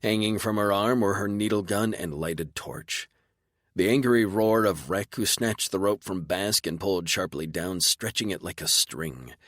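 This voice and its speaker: A man's voice: on the low side, measured pace, a bit bright, no room sound. A man narrating a first-person sci-fi audiobook with a dry, sardonic delivery.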